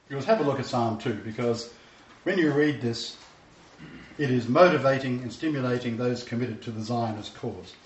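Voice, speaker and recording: A man's voice: mid-range voice, bright, forceful tone. Emphatic preacher man, roomy and distant. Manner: emphatic, repeats key phrases. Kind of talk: sermon lecture. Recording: distant, roomy, dull sound.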